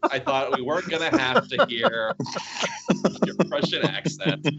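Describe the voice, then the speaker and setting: A man's voice: very high voice, wildly swooping pitch, unhurried, vocal fry, lo-fi sound, a loud crowd. A man co-hosting a casual podcast about a TV series, talking in a rambling, wry way and trailing off mid-thought. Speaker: podcast co-host.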